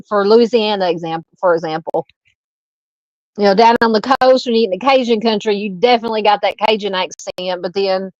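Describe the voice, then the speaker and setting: A woman's voice: medium pitch, dry recording, highs cut off. Southern woman hosting a chatty live stream. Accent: Arkansas Southern. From Arkansas. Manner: thinking aloud, halting, reading viewer comments and greeting chatters. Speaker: true crime live stream host. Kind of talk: casual live-stream chat and commentary.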